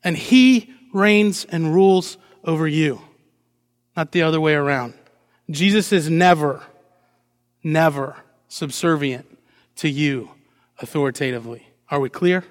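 A man preaching a lively sermon as pastor, asking the congregation rhetorical questions and acting out short quotes with playful energy. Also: a little high, unhurried, long pauses. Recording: long hall reverb.

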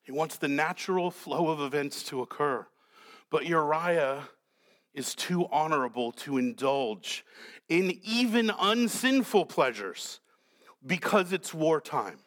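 A man's voice: fairly high pitch, expressive, takes it slowly, fairly bright tone. A male pastor preaching a sermon in a dramatic, questioning way, acting out the characters.

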